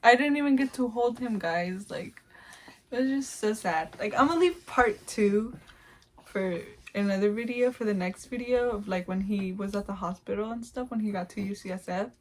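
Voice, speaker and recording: A woman's voice: mid-range voice, moderate pace, a little mellow. Rambling young mother telling a story. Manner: rambling, full of "like" fillers, acts out her own sounds. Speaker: new mother telling her birth story. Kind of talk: casual storytelling to camera.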